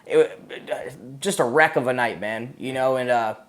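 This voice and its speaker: A man's voice: medium pitch, measured pace. A man in his thirties with a Massachusetts accent, a Marine veteran telling stories in a casual, profane, rambling way. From Massachusetts, USA. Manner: profane, rambling, laid-back, frequent "man" and "you know". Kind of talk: casual storytelling interview.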